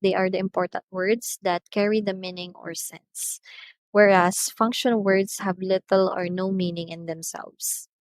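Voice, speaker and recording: A woman's voice: mid-range voice, fairly even intonation, measured pace, no room sound, low-quality recording. A woman with a Filipino accent, an English teacher giving a recorded lecture, stressing words to show pronunciation and slipping into Tagalog asides.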